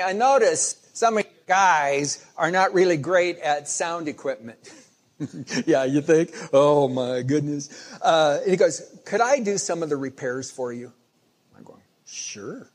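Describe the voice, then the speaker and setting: Husky-voiced man preaching conversationally. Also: fairly high pitch, darkish tone. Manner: conversational storytelling preaching with restarts. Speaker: pastor. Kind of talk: sermon.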